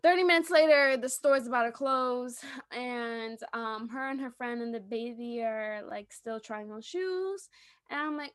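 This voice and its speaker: A young woman co-hosting a podcast, telling lively stories in casual chat and acting out the people she quotes. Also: fairly high pitch, unhurried, smooth, no room sound. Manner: animated storytelling, acting out quotes with laughs. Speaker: podcast co-host.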